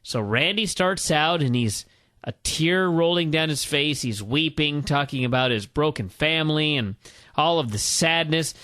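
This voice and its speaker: A man co-hosting a podcast, retelling a story with lively energy and acting out quotes loudly. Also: fairly high pitch. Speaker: podcast co-host. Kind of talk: excited comedic recap.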